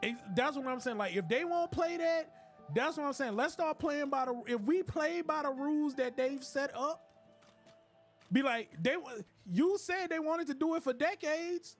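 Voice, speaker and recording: A man streaming a game, riffing in a joking, animated rant with laughs. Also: extremely high pitch, moderate pace, faint music behind. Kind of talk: casual comedic commentary while gaming.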